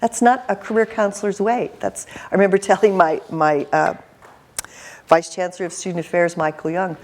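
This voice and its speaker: Animated, intense woman telling stories. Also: fairly low pitch, normal speed, a little hiss or hum. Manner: animated, laughing storyteller. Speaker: career counselor. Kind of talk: storytelling in an interview.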